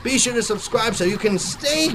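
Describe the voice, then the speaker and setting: A man's voice: very high voice, expressive, normal speed, background noise. A young man with a sore throat giving jokey, theatrical let's play commentary as a gaming YouTuber.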